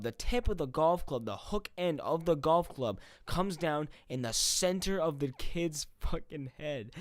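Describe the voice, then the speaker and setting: Man, twenties, casual storyteller, profane, chuckles through, smooth clear voice, dry sound. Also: mid-range voice, dry recording. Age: 20s. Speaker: gaming YouTuber.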